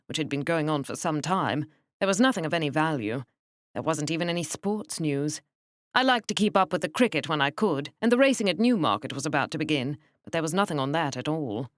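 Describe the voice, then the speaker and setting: A woman narrating an audiobook in a measured, wry first-person manner. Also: deep voice, dry recording, studio quality.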